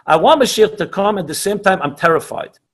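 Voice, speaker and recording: A man's voice: high-pitched, lively intonation, fairly quick. A middle-aged man, a rabbi, teaching teens in an online class and answering questions, speaking with passion and emphasis and sprinkling in Hebrew and Yiddish terms. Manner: passionate, emphatic, repeats himself.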